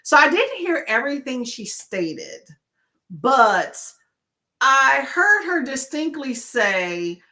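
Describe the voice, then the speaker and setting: A woman chats to her viewers in a bright, clear voice. Her pitch swings up and down as she tells stories with lively energy. She sounds casual and talkative. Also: takes it slowly. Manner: animated, chatty storytelling. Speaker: livestream host; nurse.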